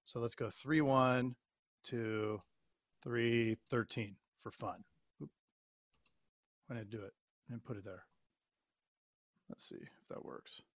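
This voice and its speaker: A man's voice: mid-range voice, slow pace, creaky, pauses often, no echo. A man co-hosting a casual business podcast, thinking aloud and stammering as he works through figures. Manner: thinking aloud, stammers while reading out data. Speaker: podcast co-host. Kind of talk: casual chat.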